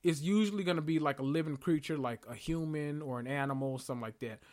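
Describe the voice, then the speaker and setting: A man's voice: a little high, quick pace. A man casually recapping a TV episode, sassy and profane, telling it like gossip. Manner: sassy, profane, animated storytelling with slang.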